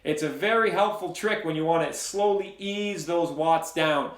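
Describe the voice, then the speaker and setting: A man's voice: a little high, moderate pace, roomy sound. A man leading an indoor cycling workout, counting down intervals and giving encouraging, repetitive cues. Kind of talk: coaching a workout class.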